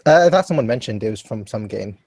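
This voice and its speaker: Hesitant low-voiced young man. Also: animated, fast talker, a little mellow, no room sound, low-quality recording. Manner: hesitant, many fillers. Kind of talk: casual group chat on a voice call.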